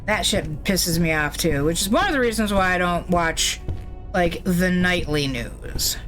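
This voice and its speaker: A woman's voice: lowish voice, animated, unhurried, fairly bright tone, faint music behind. A woman streaming a video game, commenting casually in a blunt, opinionated way with plenty of swearing.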